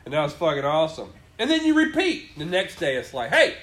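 A man's voice: on the high side, very animated, fairly quick, bright, forceful tone. A man telling a rambling work story in casual chat, swearing often and acting out his bosses' lines.

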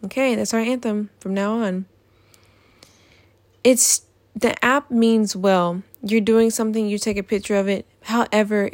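A woman's voice: medium pitch, dry recording. A young woman in a casual vlog, ranting in an exasperated, profane way about things that annoy her. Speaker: vlogger.

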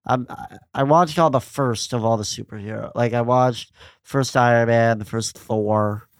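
A man's voice: medium pitch, fairly even intonation, moderate pace, no room sound, clean studio sound. A man, a stand-up comedian, chatting as a podcast guest in a rambling, self-deprecating way, laughing often. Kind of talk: casual podcast chat.

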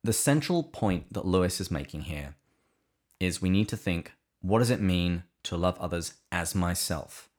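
A man's voice: low voice, expressive, moderate pace, darkish tone. A man co-hosting a podcast, talking earnestly and reflectively about faith, with a dry sense of humor. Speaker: podcast co-host. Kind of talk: conversational discussion of faith.

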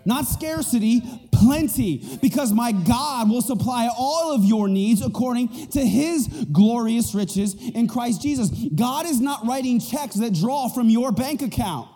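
A male pastor preaching a lively, joking sermon, often checking in with the crowd. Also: very high voice, unhurried, few pauses, long reverb tail, faint music behind. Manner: animated and joking, asks the crowd "right?". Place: church auditorium.

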